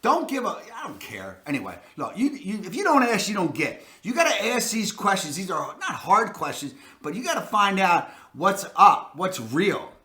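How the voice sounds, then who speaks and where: A real estate agent with a Baltimore accent hosts a spirited advice talk, leaning hard on emphasis and catchphrases. His high voice moves at a normal speed with hardly any pauses, and the sound is roomy.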